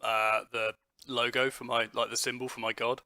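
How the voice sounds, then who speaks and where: A man's voice: medium pitch, level tone, normal speed, sharp tone, dry recording. A man playing a tabletop game, eagerly describing what his character does. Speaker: player. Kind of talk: casual tabletop play.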